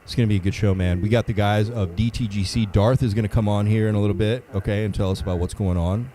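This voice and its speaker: Deep-voiced man hosting a livestream. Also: fairly even intonation, quick pace, warm tone, low-quality recording. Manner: greets chat viewers by name, laid-back. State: a little under the weather, sniffling. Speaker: livestream host. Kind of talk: casual livestream chat.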